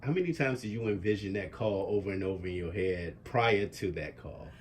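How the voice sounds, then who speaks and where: A man's voice: low-pitched, fairly quick, slight background noise. A man hosting an interview, asking questions and adding brief reactions. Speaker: interviewer, host.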